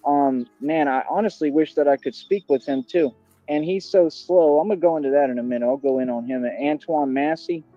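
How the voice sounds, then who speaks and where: A man's voice: a little high, brisk, warm tone, dry recording. Male streamer, boastful and aggressive, muffled lo-fi stream audio with faint music. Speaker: livestreamer. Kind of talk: ranting livestream monologue.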